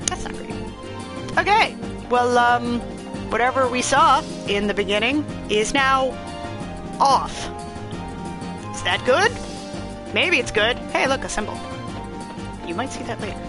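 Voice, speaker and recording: A woman's voice: on the high side, lively intonation, measured pace, long pauses. A young woman streaming a video game, chatting playfully and poking fun at herself. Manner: chatty, self-deprecating, playful. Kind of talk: casual gameplay commentary. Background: game music.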